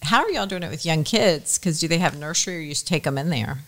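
A woman's voice: low-pitched, animated, fast talker, a bit bright, slight background noise. A middle-aged woman co-hosting a casual chat in a reflective, conversational way. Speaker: podcast co-host.

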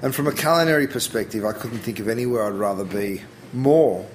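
Chatty Australian man, relaxed interview. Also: fairly low pitch, a little fast, a little hiss or hum, poor audio. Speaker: chef, interview guest. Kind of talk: casual interview chat.

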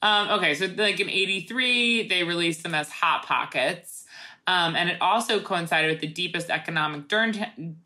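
A woman with a slightly low but bright, forceful voice chats on a podcast. She swears freely and talks sarcastically in loose, filler-heavy sentences. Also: normal speed. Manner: profane, sarcastic, rambling with many fillers. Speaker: podcast co-host. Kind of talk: casual podcast chat.

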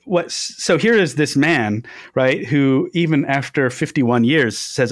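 A man, a guest on an interview podcast, telling lively anecdotes with many fillers and restarts. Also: mid-range voice, takes it slowly, no room sound, clean studio sound. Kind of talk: storytelling in interview.

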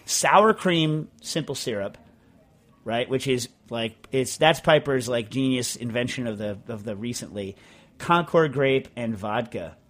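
A man's voice: medium pitch, lively intonation, measured pace, fairly bright tone. A man hosting a podcast in casual chat, rambling and emphatic, full of restarts as he answers listener mail. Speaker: podcast host.

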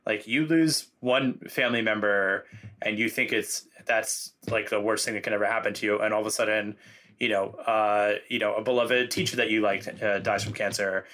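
Bright-voiced man, loose and reflective. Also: on the low side, fairly even intonation, normal speed. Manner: reflective, loose and rambling with many fillers. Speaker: guest writer. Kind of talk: casual conversational interview.

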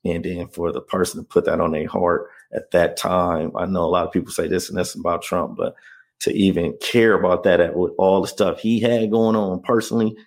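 A man's voice: low-pitched, flat delivery, brisk. A man as an interview guest, earnestly telling a personal story and often checking that the listener follows. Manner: earnest, keeps asking "you know what I mean?".

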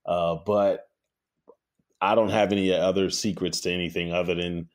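Easygoing Southern man, low voice. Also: flat delivery, normal speed. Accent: Southern American. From American South. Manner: easygoing, repeats words as he starts thoughts. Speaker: pitmaster guest. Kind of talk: interview storytelling.

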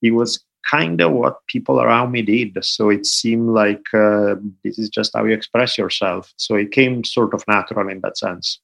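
A man in his forties speaks with a light Italian accent. His voice sits a little low, and he talks easily as a guest, with a dry, self-mocking humor. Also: moderate pace, gravelly, few pauses. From Italy. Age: 40s. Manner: joking, self-deprecating, relaxed. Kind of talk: casual interview chat.

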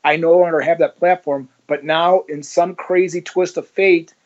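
A man's voice: fairly high pitch, moderate pace, lo-fi sound. A man, a former police officer, being interviewed and telling his story in a conversational way, acting out the dialogue. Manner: animated, acts out dialogue in his stories.

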